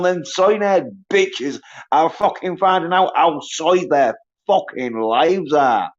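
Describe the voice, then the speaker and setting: A man rants alone on a livestream, swearing constantly and dragging out his words slowly. His voice sits a little high for a man. The stream audio is dull and lo-fi. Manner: profane, ranting, mocks others in high whiny voices. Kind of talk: angry solo livestream rant.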